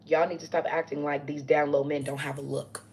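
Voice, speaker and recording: A woman's voice: deep voice, flat delivery, brisk, background noise. A woman, a self-styled spiritual teacher, delivering a blunt, profane, combative monologue to camera.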